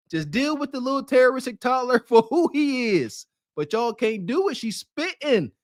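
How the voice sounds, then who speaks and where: A man hosting a podcast, reacting to clips with mocking, animated commentary. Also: very high voice, no echo, clean studio sound. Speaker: podcast host.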